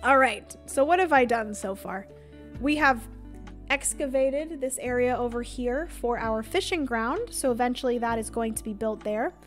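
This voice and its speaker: Young woman streaming a board game, high voice, rambly with lots of ums and likes, soft music under it. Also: moderate pace. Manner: chatty, filler-heavy, reads and answers chat. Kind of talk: casual livestream chat.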